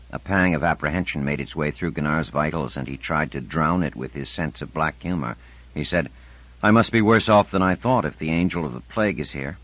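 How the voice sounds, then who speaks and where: A man's voice: dry recording, muffled recording. A man narrating an audiobook, lifting his voice for the characters' dialogue. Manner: lifts pitch and volume for spoken dialogue.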